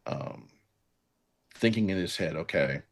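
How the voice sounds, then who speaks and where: A man playing a tabletop game who quietly and hesitantly narrates his character's actions. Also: a bass voice, normal speed. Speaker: player. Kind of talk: in-character tabletop role-play.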